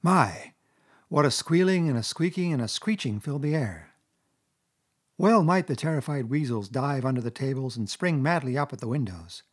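Guy reading a kids' classic aloud, husky voice, steady and expressive. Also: mid-range voice. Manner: measured, expressive storytelling. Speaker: narrator. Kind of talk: audiobook narration of a classic children's story.

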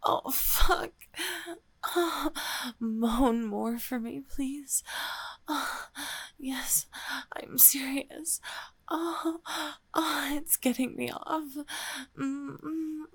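A young woman voicing a shy gamer girl confessing her feelings in a whispered role-play, breathy and halting. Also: high voice, fairly even intonation, no echo, full character voice. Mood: intimate. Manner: breathy, sighing, halting, flustered. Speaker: audio role-play performer.

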